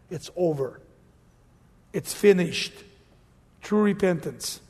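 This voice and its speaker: High-voiced preacher in an echoing hall. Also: male voice, darkish tone, slightly rough. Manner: emphatic, asks the congregation and answers himself. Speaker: pastor. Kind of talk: sermon. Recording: long hall reverb.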